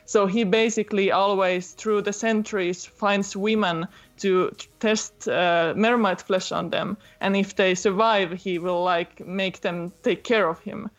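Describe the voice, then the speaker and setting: A chatty woman with a voice, telling a story in a relaxed podcast chat. She talks at a middle pitch and fills her sentences with "like" and "uh". She laughs easily as she goes. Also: measured pace, few pauses. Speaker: podcast guest recommending a manga. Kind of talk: casual chat.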